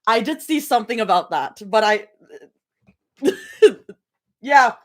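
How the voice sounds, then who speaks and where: A young woman chatting casually on a livestream from her bedroom before reading fan fiction, rambling, giggling often and breaking into excited yelling. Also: a little high, slow pace. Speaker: fanfic livestream reader.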